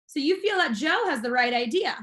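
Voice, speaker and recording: A woman reading aloud as a calm, patient father who gently reflects his son's words back to him. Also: high voice, fairly quick.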